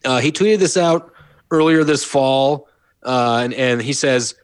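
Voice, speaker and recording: A man's voice: mid-range voice, measured pace, smooth, no room sound. Man laughing through a casual podcast. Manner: laughing, amused storytelling. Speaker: podcast host. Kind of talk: casual sports podcast chat.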